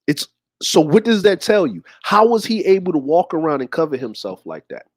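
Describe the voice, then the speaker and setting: A man's voice: on the high side, very animated, normal speed, husky, dry recording, studio quality. A man hosting a show, talking to his audience in a slangy, rambling way. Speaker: host. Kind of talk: casual commentary.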